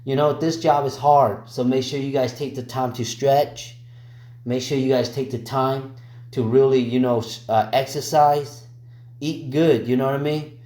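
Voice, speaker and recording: Man, nail tutorial voice-over, casual slang, teasing, mid pitch, echoey room. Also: fairly even intonation, measured pace, a little mellow. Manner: chatty, slangy, addresses viewers as y'all; joking, teasing asides. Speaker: nail technician teaching.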